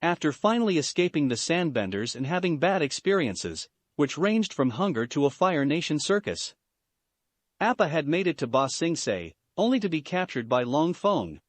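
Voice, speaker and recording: Male storyteller, steady delivery, dry booth sound. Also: a little high, normal speed, no echo. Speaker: fan fiction narrator. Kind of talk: scripted narration.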